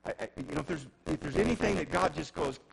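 A middle-aged man preaching a sermon as pastor, often restarting words and swinging between loud emphasis and quiet intensity. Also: a little high, lively intonation, fast talker, low-quality recording. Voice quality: gravelly.

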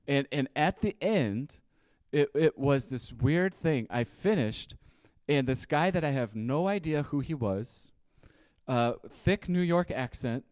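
A man's voice: medium pitch, animated, slow, a little mellow, no echo. A man giving a conversational sermon, telling a personal story and often repeating and restarting his words. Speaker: preacher.

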